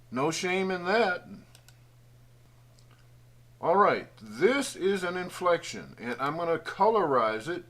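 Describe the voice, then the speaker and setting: A man's voice: fairly high pitch, fairly bright tone. A man giving a folksy, patient trading tutorial over a screen recording, thinking aloud as he draws on charts. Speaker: trading educator.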